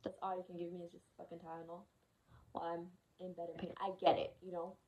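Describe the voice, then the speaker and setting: This young adult vlogger has a lowish, mellow voice and talks fast with a flat delivery, though the recording is muffled. Telling a personal story casually, she's candid and emotional, exasperated in tone, and swears frequently.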